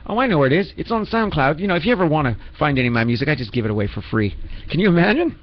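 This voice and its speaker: A man's voice: a little high, racing, lo-fi sound, a little hiss or hum. A man hosting a radio show in a rambling, self-mocking comedic manner, full of restarts and asides. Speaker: radio host.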